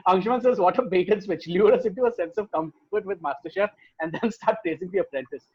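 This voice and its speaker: A man co-hosting a podcast, reading viewer comments and telling stories in a casual, swearing, animated way. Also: high-pitched, quick pace, breathy edge, lo-fi sound. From India. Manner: swears freely, animated storytelling. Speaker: podcast co-host.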